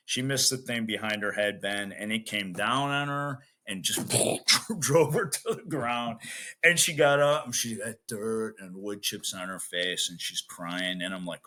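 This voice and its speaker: A man who coaches weightlifting, telling animated stories in a casual interview and laughing often between emphatic asides. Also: lowish voice, moderate pace. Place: Chicago, USA.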